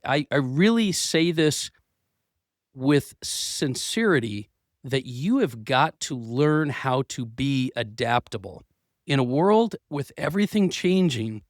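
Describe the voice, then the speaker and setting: In an office, a man hosts a motivational business podcast, speaking earnestly with a mid-range voice that sounds slightly worn from losing it. He keeps restarting his phrases and repeating words. The recording is dry, with clean studio sound.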